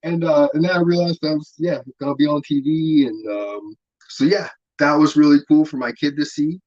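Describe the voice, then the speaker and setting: A man as an interview guest, telling stories in a laid-back, rambling way, swearing freely and filling pauses with "um" and "like". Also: fairly high pitch, darkish tone, muffled recording. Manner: laid-back, profane, rambling with many fillers. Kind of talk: casual storytelling interview.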